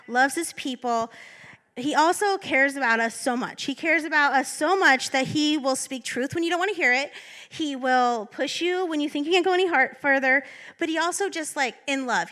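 A woman's voice: high-pitched, bright, forceful tone. A woman assistant pastor giving a candid, self-deprecating sermon as she tells a personal story.

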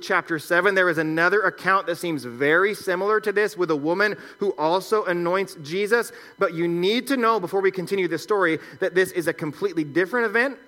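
Male pastor, higher voice, bright tone, relaxed teaching sermon that walks through scripture. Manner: conversational teaching, reads scripture aloud and comments.

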